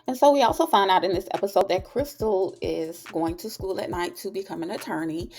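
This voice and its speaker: Sassy woman recapping TV, animated. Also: medium pitch, a little fast. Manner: animated, sassy, slangy storytelling. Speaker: TV recap channel host. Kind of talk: casual review vlog.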